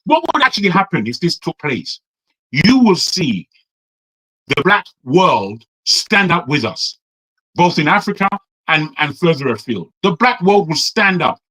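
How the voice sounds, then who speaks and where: A man's voice: on the high side, very animated, a little slow, bright, forceful tone, dry recording, low-quality recording. A man from Nigeria, hectoring a panel with heated rhetorical questions. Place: living in the West.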